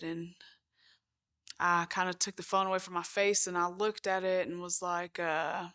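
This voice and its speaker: A middle-aged woman with children giving a halting documentary interview, full of restarts. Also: on the low side, little pitch movement, creaky, bright, forceful tone. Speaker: sister of the deceased.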